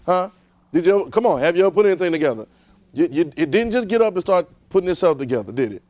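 A man's voice: sits high, sing-song, fast, a little mellow, no echo. A man preaching a conversational sermon, repeating himself and throwing rhetorical questions at the congregation.

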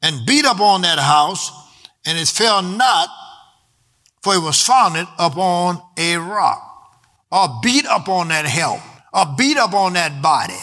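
High, bright-voiced preacher man, sing-song. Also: sing-song, slow. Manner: rhythmic preaching, sometimes half-sung, stretched words for emphasis. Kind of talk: sermon.

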